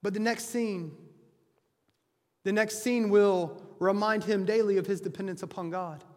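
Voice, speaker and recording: A man's voice: high-pitched, fairly even intonation, measured pace, a little mellow. A man preaching a sermon as a pastor, earnestly explaining scripture. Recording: long hall reverb.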